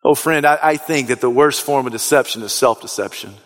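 A man preaching a sermon as pastor, swinging from soft, low asides to shouted, rising appeals. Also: brisk. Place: church sanctuary. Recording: long reverb of a large hall.

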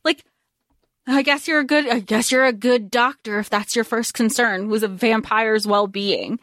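A young woman co-hosts a film podcast in a slightly high voice. She talks through the plot conversationally and laughs between points. The recording is dry and close. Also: normal speed, fairly bright tone, no echo. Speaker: podcast co-host. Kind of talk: casual film recap chat.

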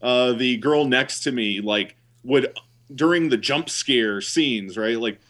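A man's voice: medium pitch, takes it slowly, a bit bright. A man co-hosting a podcast, telling stories in a rambling, hedging way with many fillers. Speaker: podcast co-host. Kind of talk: casual podcast chat.

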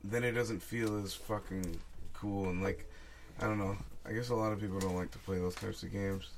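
Young male co-host, relaxed gamer talk, low-pitched, slight background hiss. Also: normal speed. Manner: laid-back, swearing. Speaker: podcast co-host. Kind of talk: casual gaming chat.

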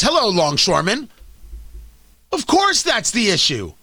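A man hosting a talk show, delivering an animated, sarcastic political rant. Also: extremely high pitch, measured pace, no room sound. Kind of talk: opinionated political monologue.

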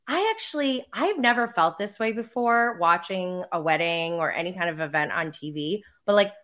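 A woman's voice: medium pitch, a bit bright. A young woman hosting a show, chatting casually and rambling through a TV recap with lots of fillers. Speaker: podcast host.

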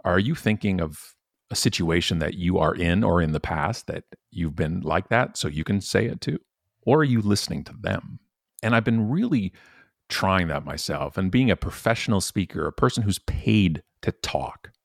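Deep and creaky, the voice belongs to a man in his forties, a professional speaker appearing as a podcast guest, talking with emphasis and animation at a moderate pace. The conversational interview has clean studio sound and no echo.

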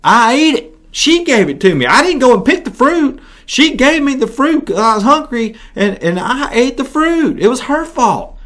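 A man doing a high stammering Adam. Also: big pitch swings, normal speed, few pauses, fairly bright tone, exaggerated voice. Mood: whining. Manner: stammering, whiny, blame-shifting. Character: frightened excuse-making first man Adam.

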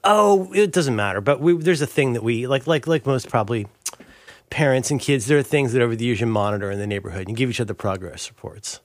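A man's voice: mid-range voice, quick pace, no echo, studio quality. A middle-aged man co-hosting a casual chat, rambling and jokey, slipping into goofy impressions. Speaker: podcast co-host.

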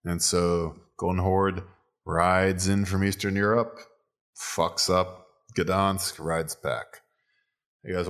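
A man's voice: low voice, flat delivery, takes it slowly, a bit bright. A man telling a crude joke in casual conversation, swearing freely and rambling as he builds it. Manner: profane, rambling storyteller.

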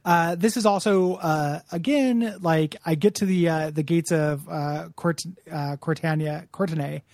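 A man's voice: a little high, unhurried, darkish tone, no echo, studio quality. Casual rambling man on a podcast. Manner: rambling, laughs while telling, acts out characters' lines. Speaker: podcast co-host. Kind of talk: casual chat recapping a video game.

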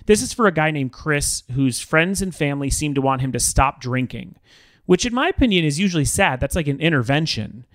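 A man's voice: fairly high pitch, expressive, a little fast, a bit bright, no room sound, clean studio sound. A man co-hosting a podcast, chatting casually and rambling with self-doubting restarts. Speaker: podcast co-host. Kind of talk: casual chat.

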